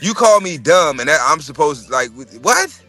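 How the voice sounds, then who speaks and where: A man's voice: a little high, expressive, moderate pace, pushed and bright, soft background music. A middle-aged man hosting a casual livestream chat, ranting animatedly with lots of swearing and restarts. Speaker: podcast host.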